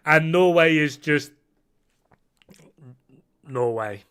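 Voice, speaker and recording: Fairly high-pitched and a bit bright, this young man talks a little slowly. Streaming a game, the half-Norwegian speaker rambles in casual chat, reacts to viewers, swears plenty and keeps starting his sentences over.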